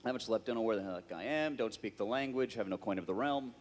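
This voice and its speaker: On a convention stage, a guest actor with a fairly low voice tells a comic anecdote to a live audience, talking fast and acting out the quotes in whiny voices. A long reverb tail trails his words.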